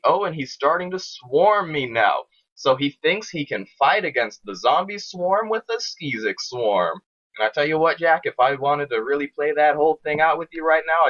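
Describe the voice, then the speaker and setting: A young man casually commentating his own strategy game match, swearing often and getting excited as he talks to viewers. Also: medium pitch, highs cut off.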